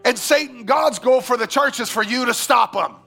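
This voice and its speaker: High, gravelly fervent male preacher. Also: normal speed, faint music behind. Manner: fervent preaching, bursts of emphasis then quiet asides. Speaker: pastor. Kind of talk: sermon.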